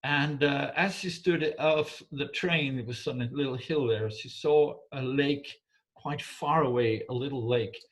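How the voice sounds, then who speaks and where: A man telling a folk tale in English, halting and repeating words, often checking in with his listener. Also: mid-range voice. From Denmark. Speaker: storyteller. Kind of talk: oral folk storytelling.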